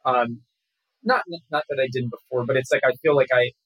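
A man talking casually as an actor guest in an interview, rambling and relaxed with many fillers and restarts. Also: mid-range voice, a little fast, slightly rough, no room sound, poor audio.

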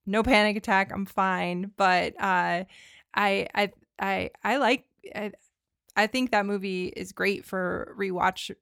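A woman co-hosts a film podcast with a smooth, resonant voice touched by fry. She talks eagerly, stumbling over repeated starts. The recording is close and dry. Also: mid-range voice, dry recording. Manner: animated, stammering restarts. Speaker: podcast co-host. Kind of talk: casual film discussion.

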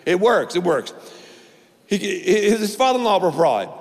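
A man's voice: on the high side, lively intonation, moderate pace, big-room sound. A male pastor preaching a sermon, emphatic and repetitive, with playful asides.

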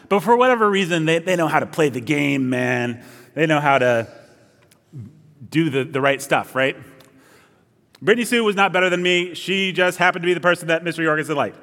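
A man's voice: a little high, lively intonation, brisk, a bit bright. Young male pastor, easygoing anecdotal sermon, long church reverb. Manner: conversational, storytelling, self-deprecating asides. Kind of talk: sermon with opening prayer.

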